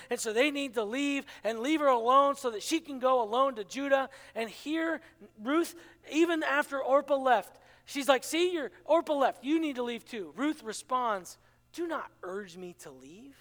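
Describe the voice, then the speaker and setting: A man's voice: extremely high pitch, fairly bright tone. A man preaching a sermon in a dramatic manner, acting out the quoted dialogue. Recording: long hall reverb.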